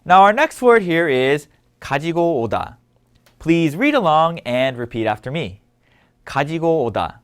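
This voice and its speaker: A man leads a scripted language lesson with a slightly high voice that moves a lot in pitch. He explains each word clearly and patiently. He keeps asking listeners to read along and repeat after him. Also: sing-song, a little fast, a bit bright. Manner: clear, patient instructional delivery. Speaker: language teacher.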